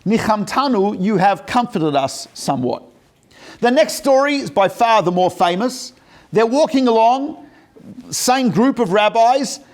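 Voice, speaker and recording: A man, a rabbi, giving a storytelling lecture in a conversational way, with humorous asides. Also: sits high.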